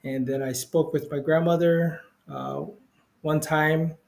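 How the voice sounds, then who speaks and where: A middle-aged man recounts his experience in loose, casual speech, circling back and padding his sentences with fillers. His voice sits a little higher than most men's. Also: fairly even intonation, slow, darkish tone. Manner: rambling, many fillers like "you know"; acts out quoted voices with big pitch jumps. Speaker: interview guest, spiritual healer. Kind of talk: casual storytelling.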